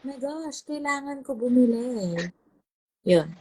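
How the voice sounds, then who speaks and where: A Filipino woman hosting a casual live chat, talking brightly, laughing often and reading viewer comments aloud. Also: high voice, lively intonation, unhurried, husky. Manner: bubbly, chatty, laughs often, mixes languages. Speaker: host and life coach.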